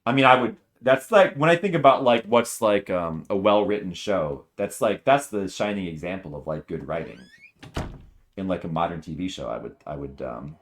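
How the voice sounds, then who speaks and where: Rambling, excitable male game streamer. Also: low-pitched, moderate pace. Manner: rambling, enthusiastic, many fillers and restarts. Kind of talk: casual commentary while playing.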